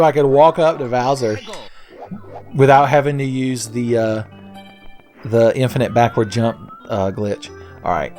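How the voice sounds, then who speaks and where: A man's voice: mid-range voice, a little mellow. A young man hosting a let's play, giving casual gameplay commentary full of sarcastic, profane, rambling jokes.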